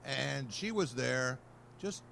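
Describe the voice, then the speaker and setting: A man's voice: mid-range voice, lively intonation, slow pace, vocal fry, a bit bright, a little hiss or hum. A male sportswriter on a panel, telling a wry anecdote and acting out the people in it. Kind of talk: panel talk, storytelling.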